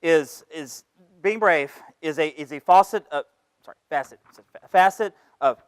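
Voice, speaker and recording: A man's voice: a little high, moderate pace, slight background noise. A man giving a comic stage talk, stammering and flustered as he speaks. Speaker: speaker at an event.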